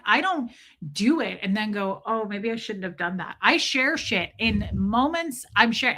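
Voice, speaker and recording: A woman's voice: on the high side, pushed and bright. A middle-aged woman hosting a casual livestream, chatting confidingly and greeting viewers by name. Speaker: livestream host.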